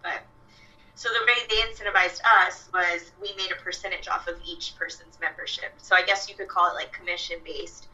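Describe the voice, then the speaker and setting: A woman's voice: on the low side, steady tone, fairly quick, pushed and bright, lo-fi sound. A young woman, a fitness coach, chatting casually with lots of fillers and quoted asides. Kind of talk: casual podcast chat. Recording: voice a bit far from the mic.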